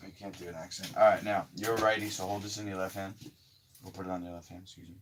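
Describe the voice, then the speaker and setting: A fairly low-pitched man hosting a casual live stream. He gives bossy, blunt step-by-step orders and does not mind crude language. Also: fairly even intonation, quick pace, noisy background. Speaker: livestream host.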